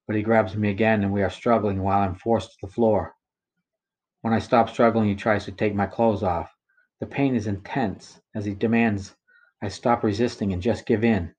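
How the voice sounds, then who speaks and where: A man reading his own first-person account aloud in a measured, somber way. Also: lowish voice, darkish tone. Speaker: narrator of his own story.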